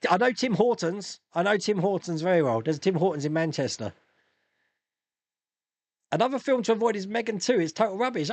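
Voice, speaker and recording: A man's voice: high voice, fairly quick, pauses often, dry recording. A man in his fifties from England, hosting a casual live stream, chatting and reading out viewer comments with frequent laughs. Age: 50s. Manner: chatty, animated, laughs often.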